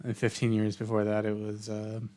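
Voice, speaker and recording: A man's voice: fairly low pitch, monotone, normal speed, mellow. A man co-hosting a podcast, talking casually around a table with blunt, dry jokes and frequent swearing. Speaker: podcast co-host. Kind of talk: casual wrestling chat.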